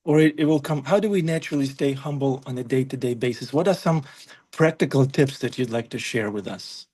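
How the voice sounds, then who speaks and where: A man's voice: mid-range voice, brisk, darkish tone, breathy edge. A man leading a class discussion, easygoing and joking. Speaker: class leader.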